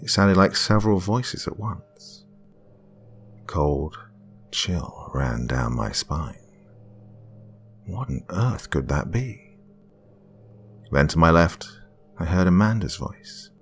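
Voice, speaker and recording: A man with a very deep, low voice reads a scripted horror story in the first person. His delivery is measured and tense, sometimes sinking to a hush. Faint background music sits under him. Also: big pitch swings.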